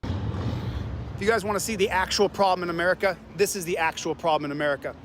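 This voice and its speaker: A man's voice: sits high, quick pace, noisy background. A man filming himself as an independent journalist, confronting and insulting police in a public parking lot with a combative, taunting manner. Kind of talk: street confrontation.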